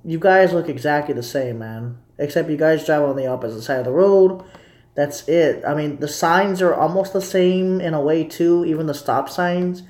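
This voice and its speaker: A man's voice: a little high, normal speed, darkish tone. Rambling man, echoey room. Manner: rambling, repetitive, talking to viewers. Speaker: streamer. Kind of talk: casual live commentary.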